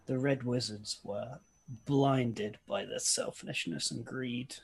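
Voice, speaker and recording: A practical, power-hungry adventurer, as a man plays him in a tabletop game. He makes his case in a measured, persuasive way. His voice is very husky. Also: mid-range voice, steady tone, exaggerated voice, rough recording. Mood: earnest.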